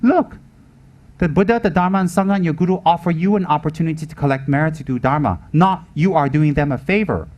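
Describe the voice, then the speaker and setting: A man teaching the Dharma with a fairly high voice. He hammers his points home, repeats them and keeps asking rhetorical questions as he preaches. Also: fast talker, a little mellow, highs cut off. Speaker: Buddhist teacher.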